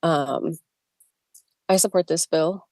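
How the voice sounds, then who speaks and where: A middle-aged nurse giving emotional, halting testimony by video call from her car. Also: deep voice, a little mellow, no echo. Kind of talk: personal testimony.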